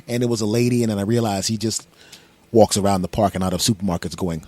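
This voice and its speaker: A man's voice: fairly low pitch, racing, mellow, dry recording. Rambling comedic man from Philadelphia. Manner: rambling, self-mocking storyteller with voiced asides. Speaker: podcast host. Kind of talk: comedic monologue.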